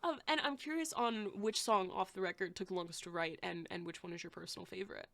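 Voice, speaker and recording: A woman hosting a podcast interview, chatty and casual, who answers often with quick affirmations. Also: on the low side, vocal fry, a bit bright. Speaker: podcast host.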